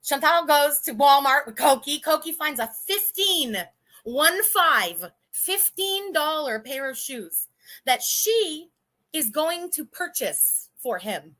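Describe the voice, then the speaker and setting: Here the livestream host, a woman in her thirties, talks slowly in a high, sharp voice with lively intonation. She rambles and restarts, chatting casually in a blunt, indignant and profane manner.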